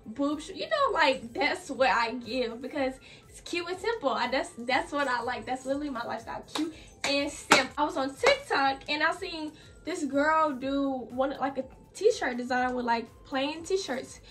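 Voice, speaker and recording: Animated and a bit bright, this young woman's high voice keeps a moderate pace as she, a fashion vlogger, chats breathlessly through a clothing DIY, full of "like" and "y'all." She's recorded far from the mic with music faintly behind.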